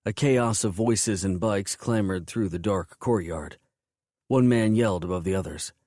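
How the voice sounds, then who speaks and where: A man narrating a first-person romance audiobook in a low, intense, measured way. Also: mellow, no room sound, clean studio sound.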